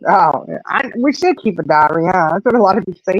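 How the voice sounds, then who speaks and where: A middle-aged woman, chatting casually and telling a lively story, acting out the voices in it. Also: fairly low pitch, fast, dry recording, highs cut off. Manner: animated storyteller, acts out quotes. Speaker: host. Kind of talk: casual chat.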